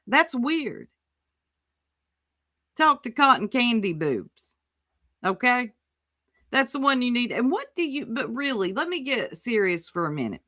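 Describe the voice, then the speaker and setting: Woman livestream host, sassy and exclamatory, unhurried commentary, reacts to chat. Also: fairly high pitch, a bit bright.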